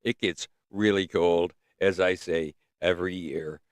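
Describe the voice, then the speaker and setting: A man's voice: low-pitched, fairly even intonation, unhurried, hardly any pauses, no room sound, studio quality. A middle-aged man hosting a livestream in a casual, rambling way, his throat giving out as he talks. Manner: rambling, musing, with many restarts. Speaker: livestream host. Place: in northern North America. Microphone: close mic.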